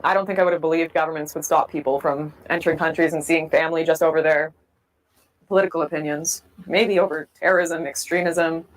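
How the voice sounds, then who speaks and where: Fast-talking woman telling her story. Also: sits low, rough recording. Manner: candid, reflective, lively quoting of others. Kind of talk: storytelling interview.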